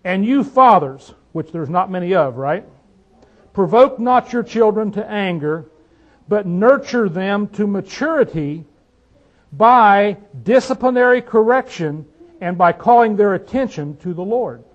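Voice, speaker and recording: A man delivers a sermon in a high voice, leaning into each point and asking his listeners one rhetorical question after another. The recording sounds dull and lo-fi. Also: expressive, measured pace. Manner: emphatic, rhetorical questions to the audience. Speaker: preacher.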